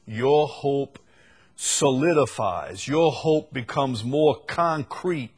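Slow, husky-voiced man preaching. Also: medium pitch, expressive. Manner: unhurried Bible teaching, repeats key phrases for emphasis. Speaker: pastor. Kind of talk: sermon.

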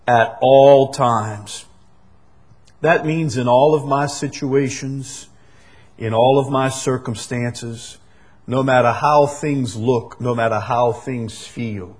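Male pastor, sermon, slow delivery, husky voice, emphatic repetition. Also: medium pitch. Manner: emphatic, repeats key phrases, swings between loud and soft.

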